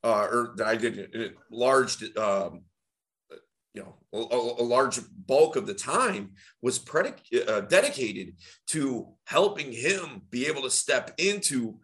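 An energetic man in a casual podcast chat, talking with a practiced, emphatic public-speaking tone. His pitch leaps and dips all the time, and his voice sounds bright. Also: measured pace. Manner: energetic, emphatic delivery with big swings in pitch; animated public-speaking tonality. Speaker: dating coach.

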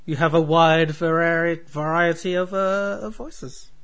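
A man's voice: a little high, steady tone, a little slow, fairly bright tone. An Australian man co-hosting a casual podcast, playfully ribbing his friend and giggling often. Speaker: podcast co-host.

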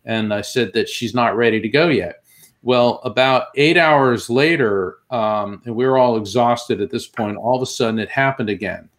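A man tells his story with lively energy and slips into the voices of the people in it. His voice sits in an ordinary middle pitch and he talks at an easy conversational pace, sometimes speeding up. He sounds like a guest talking in an interview. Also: moderate pace. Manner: animated storyteller, acts out quoted voices. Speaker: guest, medium.

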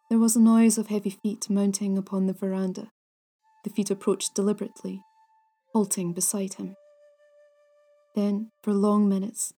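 Hushed, mellow woman telling ghost stories. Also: medium pitch. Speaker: storyteller, podcast host. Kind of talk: scripted narration of ghost stories.

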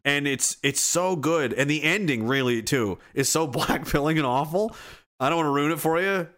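At normal speed, an Atlantic Canadian streamer reads his chat and rants angrily, swearing plenty. He shifts back and forth between almost shouting and quietly muttering.

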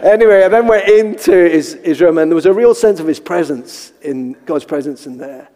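Male pastor, slightly high voice, storytelling sermon with acted-out quotes, long hall reverb. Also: brisk, mellow. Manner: storytelling, acting out quotes with high squeaky voice for himself. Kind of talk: sermon with personal stories.

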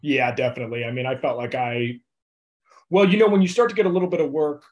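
A man's voice: mid-range voice, steady tone, fast talker, darkish tone, muffled recording. A young adult man, an actor guest in an interview, talking in a loose, laid-back way with lots of fillers and easy laughs. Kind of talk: casual interview chat.

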